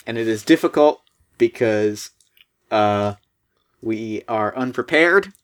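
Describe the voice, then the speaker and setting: A man's voice: on the low side, expressive, slow pace. A man playing in an improvised tabletop role-play, talking in a rambling, hesitant way. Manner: rambling, hesitant, full of fillers. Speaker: player.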